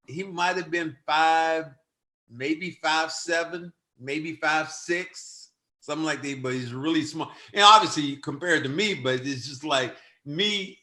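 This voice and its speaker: Speaking a little high and in an unhurried way, an older podcast host chats casually and spins stories. He's animated, performing quoted lines loudly and with relish.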